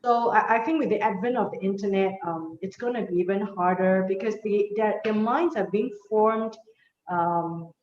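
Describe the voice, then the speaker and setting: A woman's voice: mid-range voice, normal speed, a little mellow. A woman hosting an interview over a video call, speaking hesitantly with many fillers. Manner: hesitant, many ums and uhs. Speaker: talk show host. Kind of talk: hosted interview. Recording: dull roomy sound, faint noise.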